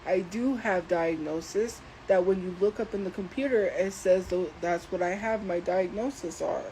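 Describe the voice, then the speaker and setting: A woman's voice: fairly low pitch, moderate pace, warm tone, a little hiss or hum, poor audio. A woman hosting a livestream, talking back to her chat in a defensive, exasperated rant. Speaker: livestream host. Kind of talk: casual livestream ranting.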